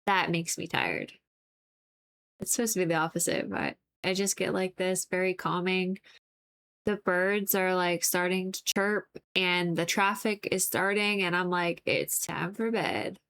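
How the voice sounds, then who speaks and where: A young adult woman streaming as she paints, chatting in a relaxed, rambling way with lots of "like". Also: fairly low pitch, measured pace, smooth. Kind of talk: casual chat while painting on stream.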